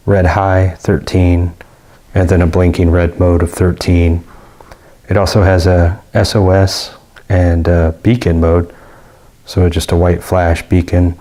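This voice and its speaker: A man's voice: deep voice, warm tone. A man giving a casual, rambling product review with many fillers and restarts. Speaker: gear reviewer.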